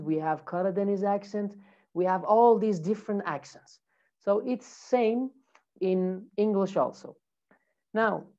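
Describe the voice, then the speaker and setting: A woman's voice: on the low side, warm tone, dull audio. A woman teaching English in a live online lesson, greeting her students by name in a friendly way.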